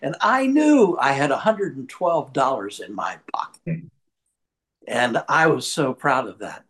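A man preaching a sermon and telling a personal anecdote in a lively storytelling manner. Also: medium pitch, a little slow. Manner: lively storyteller, shifts pace for effect.

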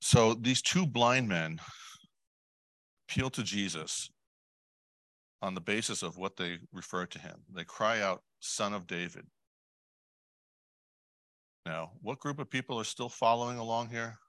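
A man preaching a sermon in a conversational way, putting questions to the congregation, adding asides and clearing his throat often. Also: on the low side, a little slow, pauses often, a bit bright, dry recording. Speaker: lay preacher.

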